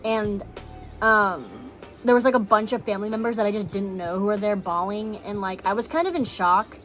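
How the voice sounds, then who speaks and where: A woman's voice: medium pitch, moderate pace, fairly bright tone, faint music behind. Young woman swearing through a story. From Texas. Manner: blunt, swears freely, many "like" fillers. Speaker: vlogger. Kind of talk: casual storytelling.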